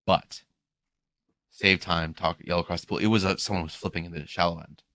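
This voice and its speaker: A man's voice: sits low, fairly even intonation, fairly quick, pushed and bright, no room sound. A man hosting a podcast, casually retelling a story from his lifeguard job and mimicking the people in it, with some casual swearing. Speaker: podcast host and pool lifeguard.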